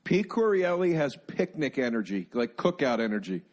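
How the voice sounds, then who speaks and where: A middle-aged man with a mid-pitched voice, co-hosting a comedy podcast. He rambles through anecdotes in a loose, profane way, tossing in "dude" and "man" all the time. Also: very animated, normal speed, darkish tone. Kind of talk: casual chat.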